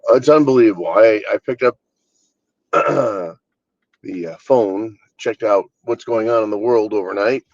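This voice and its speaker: A man's voice: fairly low pitch, a little slow, darkish tone, dry recording, lo-fi sound. A man hosting his own channel, ranting bluntly and with exasperation, swearing freely. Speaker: channel host. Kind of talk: casual political rant.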